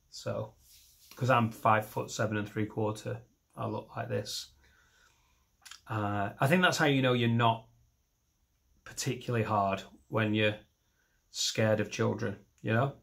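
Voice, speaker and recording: A man's voice: fairly low pitch, creaky. A middle-aged man from doing a rambling, self-deprecating stand-up set. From northern England. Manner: self-deprecating, rambling, mixes in silly voices. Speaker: stand-up comedian.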